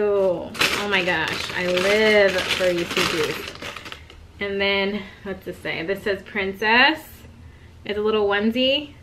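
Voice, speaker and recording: A young woman, excitedly chatting while opening gifts for her baby daughter. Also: medium pitch. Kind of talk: casual unboxing chat. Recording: noisy home recording.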